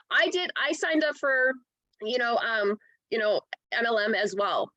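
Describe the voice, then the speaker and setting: A fairly high-voiced woman from Canada talks bluntly and swears freely. She keeps checking in with "right?" and "you know". The sound is dry and close, with no room echo. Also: animated, measured pace, bright, forceful tone, lo-fi sound. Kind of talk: casual podcast conversation.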